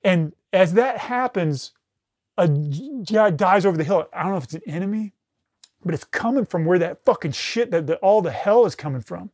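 A middle-aged man with a fairly high voice recounts a battlefield experience as a podcast guest. He talks with raw intensity, swears constantly and stumbles into restarts. The sound is dry and close, with no room around it. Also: expressive, normal speed, darkish tone, no room sound. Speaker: podcast guest, retired military rescue specialist. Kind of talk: recounting a combat story in casual conversation.

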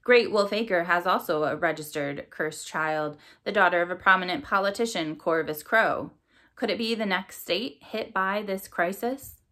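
A woman's voice: fairly low pitch, moderate pace, a bit bright, close to an everyday voice. A woman voicing a pushy reporter firing pointed questions at a press conference, in a storybook read-aloud. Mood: probing.

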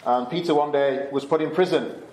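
A man's voice: on the high side, a little fast, a little mellow, echoey room. A man speaking as a camp speaker, giving a conversational Bible talk to teenagers, with fillers and restarts. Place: Canada.

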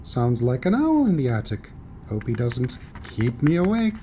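Guy doing a chipper polite storybook panther, calm and unbothered, lively voice. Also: mid-range voice, moderate pace, slight background noise. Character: unflappable, genteel male cartoon panther.

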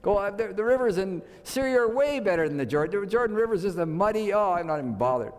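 A man's voice: high-pitched, expressive, fast, pitched above the performer's own voice. A man acting a raging proud commander. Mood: indignant. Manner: indignant ranting. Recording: long hall reverb.

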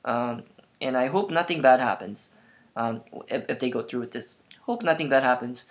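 A man's voice: medium pitch, lively intonation, normal speed. A young man talking into a laptop camera in a casual opinion monologue, hesitant and full of ums and restarts. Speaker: vlogger. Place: at home in front of a laptop. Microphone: laptop camera mic.

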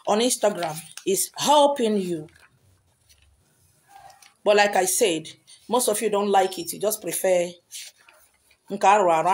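A woman's voice: mid-range voice, a little mellow, slight background noise. A Nigerian woman talking to her followers as a spiritual teacher, emphatic and repetitive, slipping into Pidgin and Igbo. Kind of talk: social media talk.

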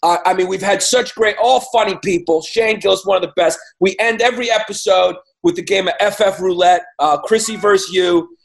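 A man's voice: high voice, fairly quick, gravelly, hardly any pauses. A man hosting a comedy podcast, chatty, explaining the rules of a game. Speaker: podcast host.

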